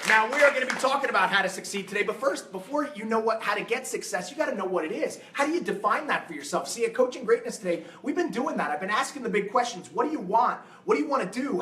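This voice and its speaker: A man giving an energetic, emphatic motivational talk to a live seminar audience, firing rhetorical questions at them. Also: high voice. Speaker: fitness coach and motivational speaker. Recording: roomy hall sound, mic at a distance.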